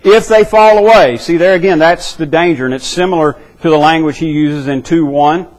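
Earnest, fairly high-voiced male preacher. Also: fairly even intonation, fairly quick, low-quality recording. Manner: earnest, emphatic, repeats words while finding phrasing. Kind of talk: expository sermon.

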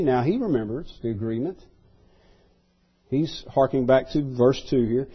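A man preaching a sermon verse by verse in a plain, conversational way. His voice is a little husky, and he often stumbles over repeated words and fillers. The recording sounds dull and lo-fi. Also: mid-range voice, normal speed.

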